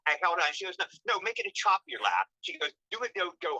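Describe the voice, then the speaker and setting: Older guy rattling off showbiz stories fast, bright sharp voice, does silly voices for quotes, dry sound. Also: high-pitched, no room sound, muffled recording. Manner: animated, acts out quotes in funny voices. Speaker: guest actor. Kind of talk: storytelling interview.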